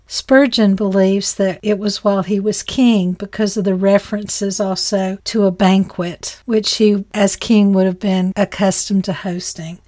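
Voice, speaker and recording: Woman, devotional Bible teaching, earnest, folksy asides, mid-range pitch. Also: darkish tone.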